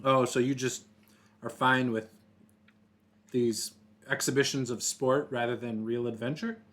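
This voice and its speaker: A man's voice: medium pitch, steady tone, unhurried, fairly bright tone. Man probing in character at a game table. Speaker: player.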